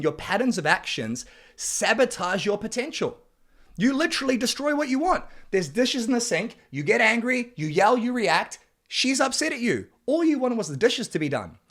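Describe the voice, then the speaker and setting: A man delivers a self-help chapter in a blunt, preachy way, dropping swear words as he presses his points. His voice sits a little higher than most men's. He surges louder when he hammers home a message. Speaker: men's coach narrating his book chapter. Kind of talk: motivational self-help reading.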